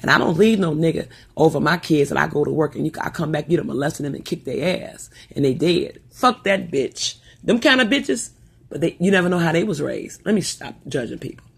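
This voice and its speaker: A woman's voice: deep voice, fairly quick, vocal fry, slightly rough. A middle-aged woman telling family stories in a rambling, profane, casual monologue. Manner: rambling and profane, with animated asides. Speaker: storyteller.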